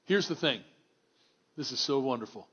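A man preaching a sermon to a congregation in a church, conversational and wry, swinging from hushed to exclamatory. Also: medium pitch, animated, normal speed, slightly rough, dull audio. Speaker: pastor.

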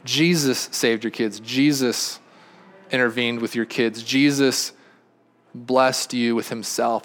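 A man preaching a sermon in a mid-pitched voice. He is earnest and circles back over his phrases, building to emphatic, louder peaks before dropping to hushed, intimate lines. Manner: earnest, repeats and restarts phrases, rises to emphatic peaks then drops quiet. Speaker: pastor.

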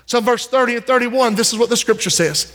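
A preacher with a strikingly high voice delivers a fervent sermon, calling out to his listeners and building momentum. His voice rings through a church with a long, lingering reverb. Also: fast talker, fairly bright tone. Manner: fervent preaching with call-outs to the congregation. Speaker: pastor. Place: church sanctuary.

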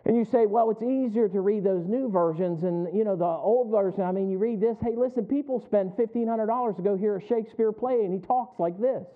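A man's voice: high-pitched, a little fast, few pauses. A man preaching a sermon in a church, folksy and joking, often quizzing the congregation. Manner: folksy, asks the congregation questions and jokes. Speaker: pastor. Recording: tinny phone-like sound.

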